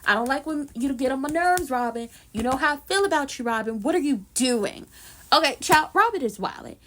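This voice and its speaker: A woman's voice: sits high, fairly quick. A woman recapping a TV episode in casual chat, sassy and blunt, full of slang and repeating lines for emphasis. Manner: slangy, animated asides. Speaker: YouTube reviewer.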